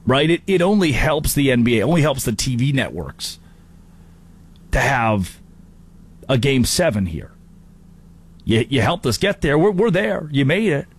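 A male sports radio host talking straight to his audience in a lively, joking monologue. His voice sits at an ordinary middle pitch, and he keeps the energy up with asides and quick impressions. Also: slightly rough. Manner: animated, jokey, tosses in brief impressions.

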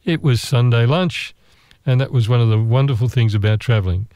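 An Australian man telling a travel story in a relaxed, meandering, chatty way, with asides and restarts. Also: mid-range voice, brisk, no echo. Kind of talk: relaxed travel anecdote monologue.

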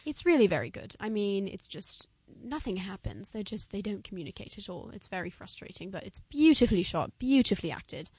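A young woman chats easily and upbeat, dropping "um" and "quite" as she goes. Her voice has a gravelly, slightly husky edge. The sound is dry and close. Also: medium pitch, sing-song, brisk, few pauses, a little mellow, no echo. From England. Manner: chatty, upbeat, frequent "um" and "quite". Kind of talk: casual chat about TV shows.

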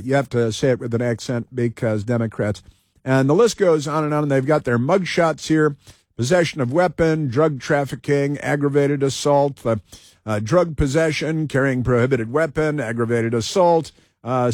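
Man, talk radio host, combative, sarcastic, slightly high pitch, dry studio sound. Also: a little mellow, no echo. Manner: reads off a list with frequent uh fillers.

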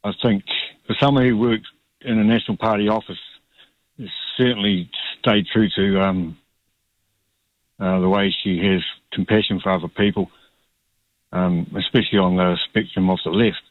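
A man with a New Zealand accent calling in to talkback radio, speaking haltingly with many ums. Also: lowish voice, steady tone, no room sound. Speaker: caller. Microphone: phone line. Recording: dull phone line.

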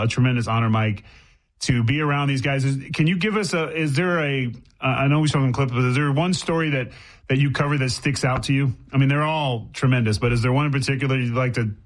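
Guy hosting a talk show, jokey and playful, mid pitch voice. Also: brisk. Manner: playful, joking banter. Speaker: host. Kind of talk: casual interview.

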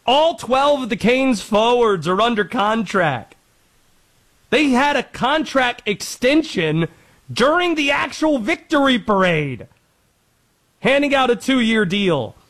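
Lively, high-pitched sports talk host. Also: male voice, takes it slowly. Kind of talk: scripted sports commentary.

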